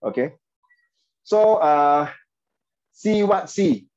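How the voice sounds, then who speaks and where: A man's voice: on the high side, lively intonation, very slow, darkish tone. Casting: Singaporean man teaching English online, chatty, slightly dull lo-fi sound. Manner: chatty, mixes in Mandarin, frequent okay and right. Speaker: English tutor.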